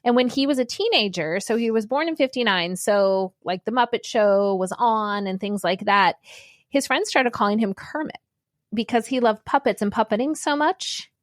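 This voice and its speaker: A woman's voice: fairly high pitch, moderate pace, no room sound, clean studio sound. A woman co-hosting a podcast in casual chat, sharing trivia and laughing often. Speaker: podcast co-host.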